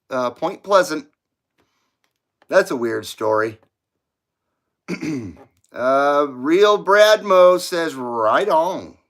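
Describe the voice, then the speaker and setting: A man's voice: a little high, a bit bright. A man hosting a live stream, rambling casually as he reads viewer comments aloud and laughs often. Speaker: livestream host reading viewer chat. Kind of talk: casual chat.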